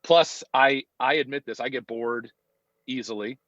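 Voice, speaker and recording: A man's voice: medium pitch, a little slow, fairly bright tone, no room sound. A man in his fifties, a podcast guest, talking in a reflective, hesitant way with many ums and restarts. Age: 50s. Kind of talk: casual conversational interview. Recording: dull, dry sound.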